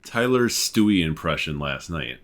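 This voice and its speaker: Co-player, male, low voice, dry deadpan chat during a game. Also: normal speed, slight background noise. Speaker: co-player guest. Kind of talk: casual gaming chat.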